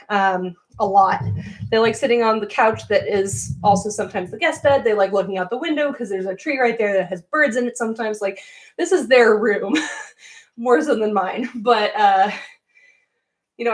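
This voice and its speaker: The mic sits at a distance from this young livestream host, whose fairly high voice echoes in a roomy spare room at home. Her casual stream is chatty, with plenty of giggles and laughter.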